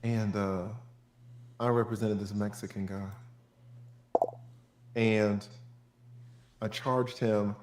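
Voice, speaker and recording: A lawyer telling a story in a blunt, profane, joking way. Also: male voice, fairly low pitch, level tone, slow pace, pauses often, echoey room, very noisy.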